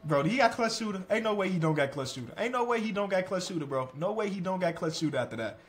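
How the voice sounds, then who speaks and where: Gaming commentator, young man, fairly high voice with a lively pitch, excitable and self-mocking, yells at clutch plays. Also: quick pace. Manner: excitable, talks to players on screen, self-mocking, shouts at big plays. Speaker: gaming YouTuber. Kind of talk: basketball video game commentary.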